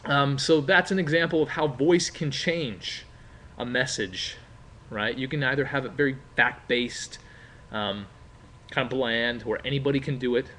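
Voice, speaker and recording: A man with a mid-range voice that sounds pushed and bright speaks a little slowly. He's giving a classroom explanation with role-play, in a chatty, informal way packed with fillers and rhetorical questions.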